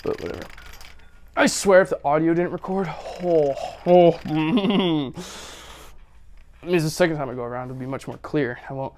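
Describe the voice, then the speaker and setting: A man's voice: a little high, very fast, hardly any pauses. A young man talking in a rambling, casual way, full of fillers, while working out in a home gym. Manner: rambling, many fillers, breathy strained sighs between reps. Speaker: vlogger filming his workout.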